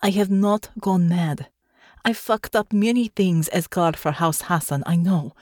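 A woman's voice: medium pitch, measured pace, a little mellow, no echo, studio quality, lightly acted. A woman voicing an injured female ex-soldier guard who talks formally and without contractions in an audiobook. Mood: earnest. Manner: formal clipped speech without contractions, drops articles. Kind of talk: audiobook character voice.

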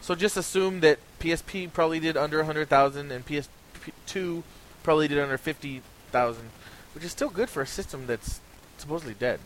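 A man with a higher-than-average voice talks fairly quickly while hosting a casual gaming podcast, reciting sales figures with lots of ums and restarts. His voice is slightly hoarse from talking. The recording is low quality, with faint hiss.

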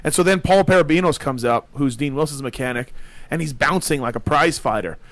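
A man's voice: a little high, fairly quick, dry recording. A man hosting a podcast, telling a story in casual chat and acting out the quoted lines. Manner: animated, acts out quotes. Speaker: podcast host.

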